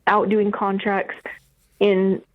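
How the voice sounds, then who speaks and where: A woman calling in to a radio show, emotional and near tears, talking in a halting way with restarts. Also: medium pitch, monotone. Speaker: caller. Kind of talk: phone-in call. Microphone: phone. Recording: tinny phone line.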